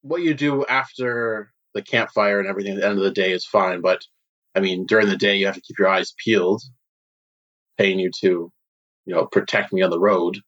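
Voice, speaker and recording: A man's voice: deep voice, steady tone, fairly quick, a bit bright, dull audio. A man voicing an old merchant who hires guards for a road journey, giving plain instructions. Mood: firm.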